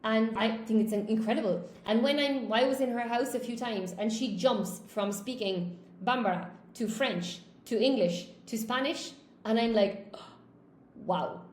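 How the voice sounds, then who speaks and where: A woman's voice: on the high side, moderate pace, darkish tone. A woman, an English teacher chatting casually on a livestream and reading out viewer comments, often tagging "you know?" onto her points. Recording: roomy echo, faint background hum.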